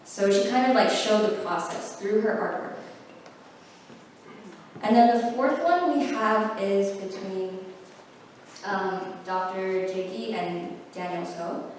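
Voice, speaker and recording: A young woman gives an unhurried, filler-laden talk, slightly out of breath. Her voice rings through a large, echoey hall. She sounds far from the microphone, with faint noise underneath. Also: medium pitch. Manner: casual, filler-heavy, self-correcting. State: short of breath. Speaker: guest speaker. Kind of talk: presentation talk.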